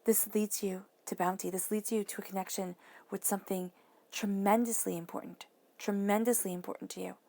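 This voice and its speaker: A woman giving a tarot reading, talking soothingly and dropping now and then to soft whispers. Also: mid-range voice, steady tone, a little fast, vocal fry. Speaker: tarot reader.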